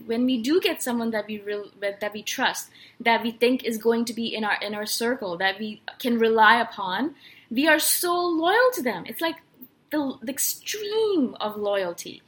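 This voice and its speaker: A young woman hosting a personality talk, telling a personal story in an earnest, animated way with lots of fillers. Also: fairly high pitch. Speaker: personality podcast host. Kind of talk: casual personal monologue.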